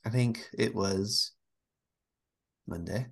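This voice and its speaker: A woman's voice: extremely low pitch, slow pace, breathy edge. A woman co-hosting a casual podcast, telling stories and acting out the voices of the people in them. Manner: animated storyteller, acts out quoted voices. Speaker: podcast co-host. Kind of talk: casual chat.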